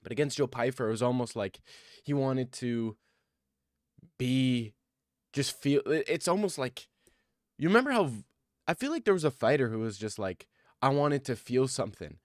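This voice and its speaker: A man chatting casually about fights, thinking out loud as he goes and often breaking into excited rants. His voice sits in an ordinary middle register. The sound is close and dry, with no room echo. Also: medium pitch, normal speed, long pauses. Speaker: MMA commentator. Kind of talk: casual fight-card commentary.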